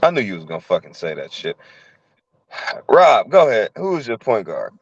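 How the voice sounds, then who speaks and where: A man's voice: lowish voice, huge pitch swings, normal speed, no echo, highs cut off. A man hosting a casual sports debate podcast, blunt and profane as he steers the talk. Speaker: podcast host.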